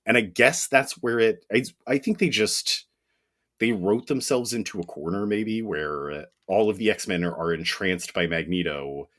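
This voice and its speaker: A man's voice: lowish voice, normal speed, fairly bright tone. A man co-hosting a podcast in casual chat, thinking aloud with fillers and chuckles. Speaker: podcast co-host.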